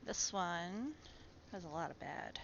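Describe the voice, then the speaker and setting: A bright, chatty woman talks away to her houseplants and her viewers. Her voice comes through dull and lo-fi. A faint hiss sits under it. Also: fairly low pitch, lively intonation, slow pace, vocal fry. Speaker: live streamer. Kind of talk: casual live-stream chat. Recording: muffled lo-fi stream audio with faint noise.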